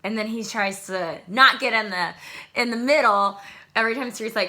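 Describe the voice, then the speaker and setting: A young adult woman casually recapping a reality show to camera in an excitable, chatty way. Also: mid-range voice, moderate pace. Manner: chatty, excitable, animated asides. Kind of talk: casual chat.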